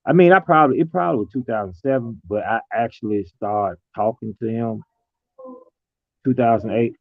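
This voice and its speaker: A man talking casually and reflectively, telling stories in a relaxed colloquial way. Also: medium pitch, moderate pace, gravelly, dry recording. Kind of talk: casual conversation. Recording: tinny phone-like line.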